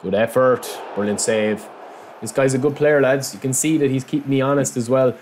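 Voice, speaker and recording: A man of medium pitch and moderate pace, with a little hiss or hum on the recording, gives casual let's-play commentary on his own football video game match. He makes chatty asides to viewers and yelps and shouts excitedly at goals.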